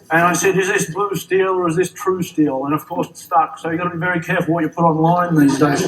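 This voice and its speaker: Middle-aged Aussie man, high and bright, friendly joker, stage speech heard from a distance. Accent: Australian. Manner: jokey, friendly, with repeated words and restarts. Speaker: award-winning associate giving a stage speech. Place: stage at a large company event.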